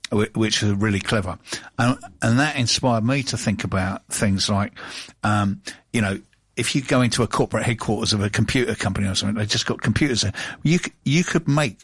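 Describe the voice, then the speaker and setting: A man's voice: lowish voice, brisk, husky, no room sound. A man co-hosting a casual chat, rambling and joking as he talks.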